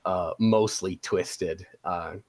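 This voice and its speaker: A man playing a tabletop role-playing game, describing his character's actions in a halting way with many fillers. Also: deep voice, steady tone, a little mellow, no room sound. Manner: halting, full of fillers and laughter. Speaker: player. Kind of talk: tabletop role-play chat.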